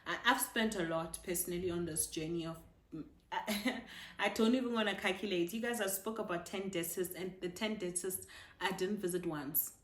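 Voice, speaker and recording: A woman's voice: on the low side, moderate pace, reverberant. A woman chatting in a casual personal vlog, emotional and full of fillers and restarts. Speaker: vlogger.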